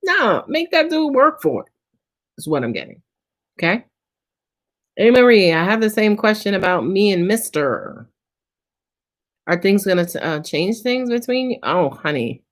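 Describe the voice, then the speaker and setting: On a live stream, a woman tarot reader answers viewers' questions in a casual, slangy, profane manner, sounding tired. Her voice is on the low side.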